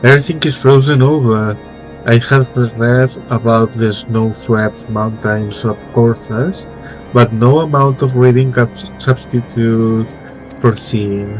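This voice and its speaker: A man with a flu-stuffed nose reading out a formal, learned young male scholar's game dialogue in a plain, slightly halting voice. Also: medium pitch, steady tone, muffled recording, faint music behind, close to an everyday voice. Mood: earnest.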